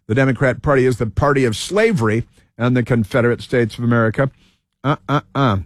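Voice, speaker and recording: A man's voice: medium pitch, fairly quick, no room sound, clean studio sound. A man hosting a talk show, rambling and digressive, stumbling over words with lots of fillers. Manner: digressive, stumbling, repeats himself with many fillers. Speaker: radio talk show host. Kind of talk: rambling opinion monologue.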